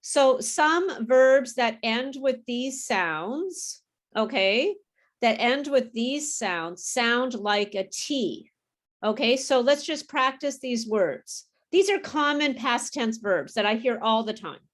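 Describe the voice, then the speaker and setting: Woman teacher, slow careful voice, kinda high, drilling words for a class. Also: lively intonation. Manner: patient, models words slowly and clearly for repetition. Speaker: English pronunciation teacher. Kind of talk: online group pronunciation class.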